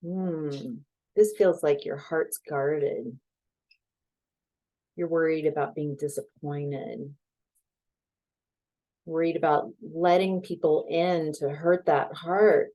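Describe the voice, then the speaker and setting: A woman's voice: sits low, fairly even intonation, slow, pauses often, warm tone, poor audio. A woman tarot reader giving a casual reading, telling stories in a chatty way and laughing easily.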